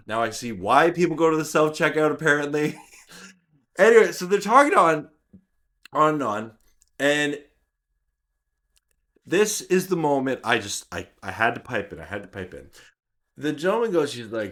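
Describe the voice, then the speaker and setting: Animated man telling a story. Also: fairly high pitch, moderate pace. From Canada. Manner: animated, self-mocking storyteller. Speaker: YouTube channel host. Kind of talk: vlog storytelling.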